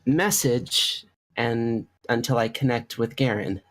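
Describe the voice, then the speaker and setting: A tabletop player on voice chat, asking halting questions full of ums. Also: mid-range voice. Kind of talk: tabletop game over voice chat.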